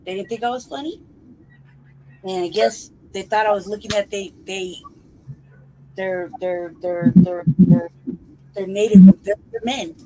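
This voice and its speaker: A woman's voice: mid-range voice, very animated, creaky, warm tone, slight background noise, low-quality recording. A woman co-host in crude casual banter, swearing freely and laughing often. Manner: profane, laughs often, drawls slowly.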